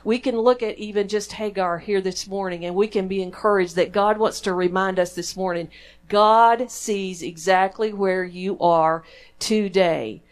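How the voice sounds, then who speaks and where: A woman's voice: medium pitch, fairly even intonation, unhurried. Folksy Texan woman preaching a sermon. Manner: conversational, folksy, asks the congregation questions. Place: church sanctuary.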